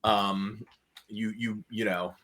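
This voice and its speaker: A man's voice: on the low side, flat delivery, slow pace, fairly bright tone. A man running a tabletop game on a livestream, talking casually and rambling with restarts and chuckles. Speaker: game master.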